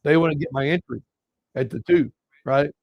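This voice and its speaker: A man's voice: a little high, normal speed, no echo. Male live-trading host, casual and chatty, keeps calling viewers "guys", dry dull lo-fi sound. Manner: casual, talks to viewers as "guys", walks through chart levels. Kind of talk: live market commentary.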